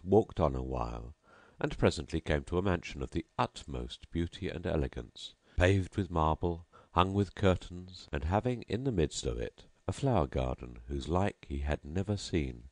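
A man narrating an old storybook tale in an expressive, theatrical reading. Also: sits low, no room sound. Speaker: audiobook narrator.

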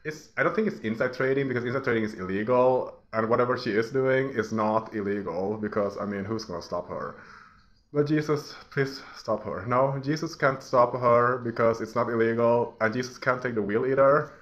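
A man's voice: medium pitch, normal speed, fairly bright tone, muffled recording. A man giving a casual, mocking rant as he browses online, often laughing at his own jabs. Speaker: vlogger. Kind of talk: casual ranting commentary while browsing.

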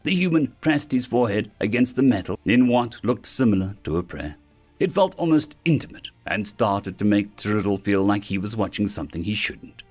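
A man narrating a science-fiction story in an expressive storytelling manner. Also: on the low side, moderate pace, faint music behind. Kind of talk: scripted sci-fi story narration.

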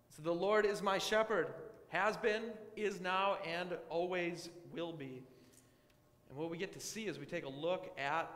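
A man preaching a sermon as guest pastor, earnest and emphatic, slowing down to stress key phrases. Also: fairly high pitch, a bit bright, slight background noise. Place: church sanctuary. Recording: echoey church with long reverb.

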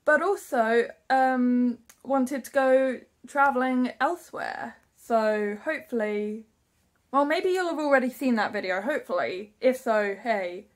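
A woman's voice: a little high, measured pace. A young woman from England vlogging casually, chatty and giggly, laughing at herself as she talks. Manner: chatty, giggly, self-mocking. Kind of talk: casual vlog talk.

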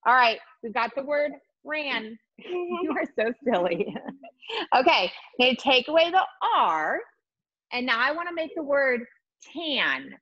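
A woman teaching a virtual lesson to young children, encouraging and sing-song, sounding out letters slowly. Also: high voice, sing-song, fairly bright tone, lo-fi sound. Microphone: video call.

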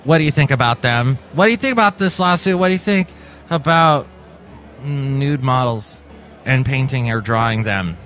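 A man's voice: medium pitch, lively intonation, normal speed, a bit bright, soft background music. A man hosting a comedic solo podcast who talks in a playful, rambling, chatty way. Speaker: podcast host.

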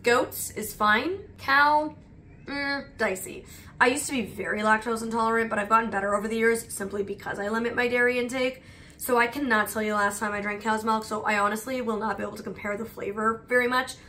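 A young woman vlogging as she samples snacks, her voice bright and a touch high. She chats freely and leans on "like" as a filler. A faint hum of room noise sits underneath. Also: fairly even intonation, fast. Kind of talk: casual chat while taste-testing snacks.

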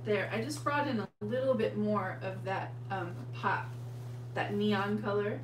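A woman's voice: mid-range voice, a little slow. A woman hosting a painting livestream, chatting casually and affectionately with her viewers. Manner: chatty and affectionate, addresses viewers as "you guys". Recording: echoey room, mic at a distance, steady hum.

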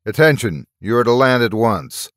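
A man voicing a stern male loudspeaker announcer giving formal orders in a story reading. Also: medium pitch, expressive, moderate pace, dry recording, clean studio sound, lightly acted.

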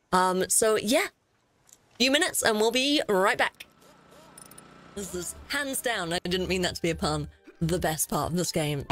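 A young woman streaming a horror game, excitable and easily scared, swearing often as she plays. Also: medium pitch. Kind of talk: gaming commentary.

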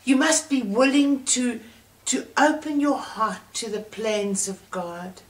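A woman's voice: on the high side, slow pace. A woman preaching a sermon in a church, with earnest, encouraging appeals to her listeners. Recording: roomy church sound from far off.

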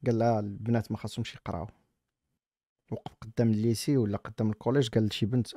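Rapid-fire Moroccan man mocking a clip. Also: fairly low pitch, fairly even intonation, warm tone, dry recording, studio quality. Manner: rapid, mocking, switches between languages. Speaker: streamer reacting to a video. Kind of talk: casual reaction commentary.

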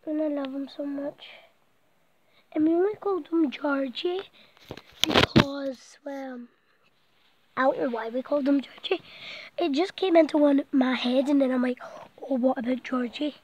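A woman with a high-pitched voice talks at a moderate pace in a casual night vlog from inside a small blanket fort. Out of breath, she rambles and chats, now and then whispering, recorded on a nearby camera with the highs cut off.

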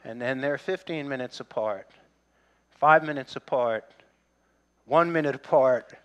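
A man's voice: medium pitch, a little slow, a bit bright, clear, resonant tone. A middle-aged male pastor preaching a sermon in a conversational way, with humor and asides to the congregation.

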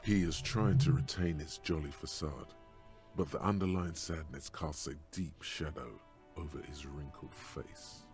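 An actor narrating a game in a measured, somber manner. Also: male voice, rumbling low, a little mellow, faint music behind. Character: grave male game narrator, calm and somber.

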